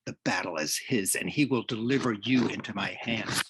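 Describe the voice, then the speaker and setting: A man voicing a fierce, devout teenage boy who answers a bully with forceful defiance. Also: fairly low pitch, normal speed, noisy background, close to an everyday voice. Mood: defiant.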